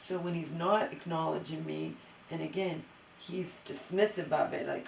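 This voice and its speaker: A vlogger vents to her camera in a rambling, exasperated monologue, stopping and restarting as she goes. Her mid-pitched, gravelly voice is fairly even and moderately paced. She sits away from the mic in an empty new bedroom whose roomy echo mixes with slight background noise.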